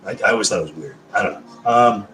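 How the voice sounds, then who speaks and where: A man in his thirties hosting a casual livestream, chatting warmly with viewers and swearing freely. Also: on the low side, quick pace, reverberant, slight background noise. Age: 30s. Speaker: livestream host.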